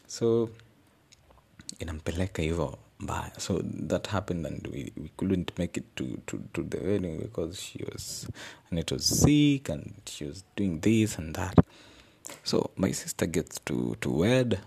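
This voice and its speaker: Slow, gravelly young man. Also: sits low, darkish tone. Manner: earnest, reflective, searching for words. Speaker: podcast host. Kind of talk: casual personal storytelling.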